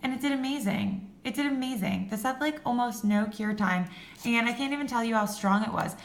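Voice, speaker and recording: A woman vlogger chats casually about home fragrance in a slightly high, slightly fast voice that keeps cracking. She swears now and then and laughs at herself, and the room is echoey.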